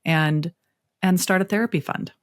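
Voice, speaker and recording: A middle-aged woman therapist speaking in an interview, expressive and storytelling with playful asides. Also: on the low side, normal speed, no echo, clean studio sound. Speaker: therapist guest. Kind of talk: interview conversation.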